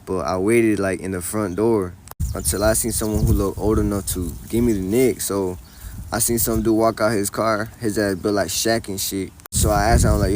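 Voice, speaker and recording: A man's voice: fairly low pitch, steady tone, a little fast, noisy background. A young man telling a casual storytime in a slangy, profane, laid-back way.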